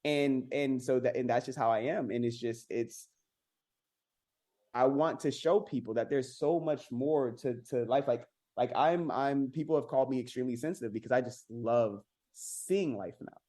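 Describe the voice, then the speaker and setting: A man telling his own story as a podcast guest, earnest and halting, with many repeated words and restarts. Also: mid-range voice, mellow. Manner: rises sharply when mimicking others. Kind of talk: candid personal storytelling.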